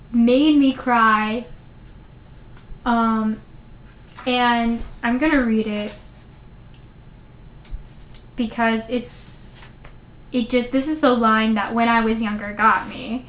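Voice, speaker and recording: A young adult woman casually reviewing a book in a chatty vlog, animated and full of "like" fillers. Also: a little high. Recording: roomy echo.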